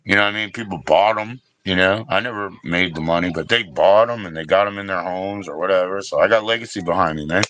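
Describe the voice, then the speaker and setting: A middle-aged man hosting a casual livestream, his voice low but bright and forceful. He rambles, swears freely and talks straight to his chat viewers. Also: fast talker, hardly any pauses, low-quality recording. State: briefly emotional, teary. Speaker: livestream host.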